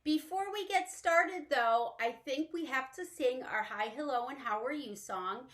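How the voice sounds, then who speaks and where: Slow bright-voiced storytime librarian woman. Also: high voice, lively intonation. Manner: slow, cheerful sing-song talk to young children. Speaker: children's librarian. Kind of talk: children's storytime.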